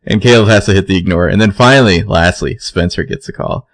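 A man's voice: low-pitched, a little fast, no echo. A man co-hosting a podcast, laid-back and wry as he recaps a TV episode. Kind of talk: casual chat.

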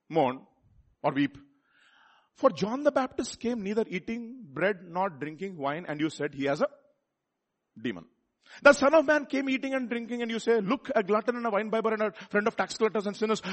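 Telugu-accented guy preaching, high voice, lots of repeats and restarts. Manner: animated preaching, rising to loud rhetorical questions; repeats words and restarts phrases. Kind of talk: sermon.

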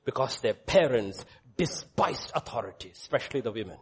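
A man preaching a sermon, animated, swinging between loud exclamations and quiet asides, joking with the congregation. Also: medium pitch, brisk, a little hiss or hum. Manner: jokes with the congregation, calls on children by name. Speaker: pastor.

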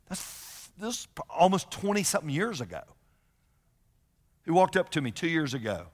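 Animated man preaching in a reverberant hall. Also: fairly high pitch, fairly quick. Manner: animated, conversational, acts out quoted voices. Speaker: pastor. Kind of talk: sermon.

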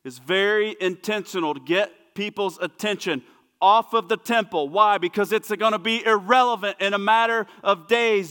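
A man preaching a sermon as pastor, emphatic and repetitive, dropping to hushed asides. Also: high voice, moderate pace, smooth, long reverb tail. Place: church sanctuary.

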